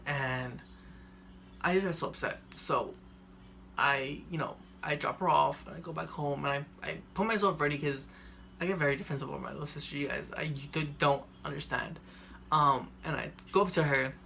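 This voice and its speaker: Monotone young man with a gravelly voice. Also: fairly high pitch, normal speed, slight background noise. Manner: monotone, rambling, full of "like" fillers. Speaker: vlogger. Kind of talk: personal storytelling.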